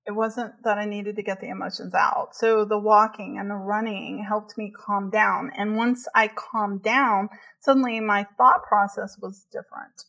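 A woman's voice: medium pitch, steady tone, moderate pace, creaky, few pauses, pushed and bright. A woman in casual conversation, chatty and laughing often, with many fillers as she talks. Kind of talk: casual chat.

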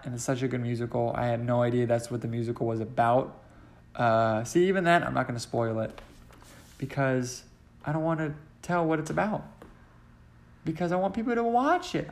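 Young man, solo podcast host, casual rambling, profane, jumpy pitch, mid-range voice.

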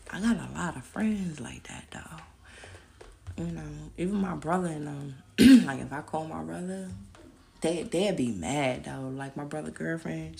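A female podcast host tells her own stories in a casual monologue that's blunt, profane, and animated. Her low voice has vocal fry and moves at a measured pace, with a little hiss or hum in the background.

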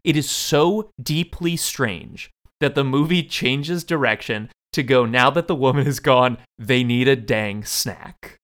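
A man co-hosting a podcast, riffing with dry, sarcastic deadpan in casual chat. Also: mid-range voice, measured pace, hardly any pauses. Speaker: podcast co-host.

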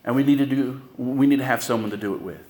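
A male pastor preaches in a casual, storytelling way, tossing out quick asides and questions to the congregation. His voice sits at an ordinary middle pitch. The sound carries a noticeable room echo from the church sanctuary. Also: a little mellow. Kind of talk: sermon.

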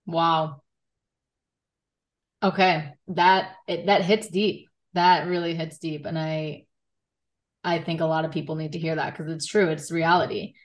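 Low-voiced woman host, hedging. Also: fairly even intonation, a little slow, pauses often. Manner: rambling, hedging questions with fillers. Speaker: podcast host. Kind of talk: casual interview chat.

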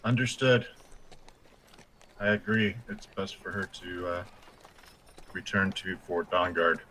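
A man's voice: low-pitched, sharp tone, a little hiss or hum, low-quality recording. A man playing his character in a tabletop game, speaking hesitantly. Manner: hesitant, halting. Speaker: player.

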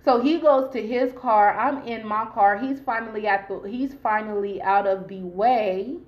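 A woman's voice: a little high, a little slow, dull audio. A woman from Long Beach, California, telling a personal story to camera in an emphatic, profane way, addressing her listeners directly. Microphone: camera mic while filming herself.

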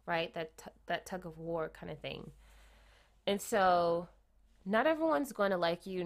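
Chatty woman giving a tarot reading. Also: on the low side. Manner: chatty, keeps adding "right?" tag questions; repeats and restarts phrases. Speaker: tarot reader. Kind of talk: casual tarot reading talk.

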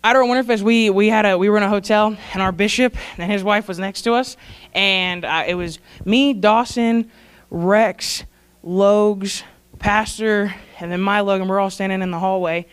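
A woman's voice: medium pitch, fairly even intonation, moderate pace, smooth. A young woman giving a heartfelt, rambling tribute at a church service, laughing and fighting back tears. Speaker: church staff speaker honoring graduates.

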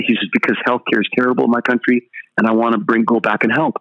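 A man's voice: medium pitch, quick pace. An older man who is a pastor talks as an interview guest. He tells stories with energy and acts out the other people's dialogue. The recording sounds slightly muffled and lo-fi. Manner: animated storyteller acting out dialogue.

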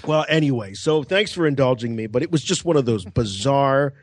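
Male podcast host, casual storyteller, lively and fairly high. Dry close sound. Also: brisk, no room sound. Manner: animated, laughing, acts out voices.

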